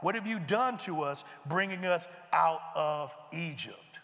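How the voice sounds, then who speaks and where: A man preaching a sermon, reading scripture aloud and explaining it in animated, conversational asides. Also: on the high side, measured pace, gravelly, few pauses. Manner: animated, conversational, breaks into asides and mimics characters. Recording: long reverb of a large hall.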